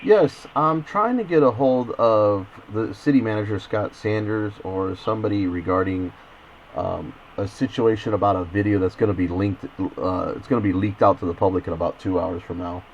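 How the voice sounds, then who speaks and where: Man, low voice, insistent, stammering, muffled lo-fi phone recording, faint hiss. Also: moderate pace. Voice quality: stammering, repeats words. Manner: insistent, persistent. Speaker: investigative journalist.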